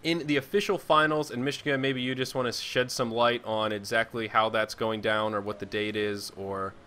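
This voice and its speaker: Male game caster, bright voice, joking and chatty, faint noise behind. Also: medium pitch, fairly even intonation, normal speed. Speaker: esports caster. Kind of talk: play-by-play game commentary.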